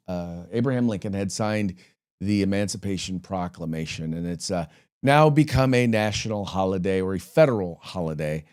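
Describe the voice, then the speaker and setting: A man hosts a casual political talk show in a fairly low voice. He rambles in a folksy way, full of fillers and restarts. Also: a little mellow. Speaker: podcast host.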